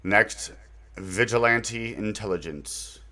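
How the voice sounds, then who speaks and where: Slow-paced and fairly low in pitch, this man's voice sounds pushed and bright. He's a channel host introducing his website, rambling casually through recommendations with fillers and a bit of slang.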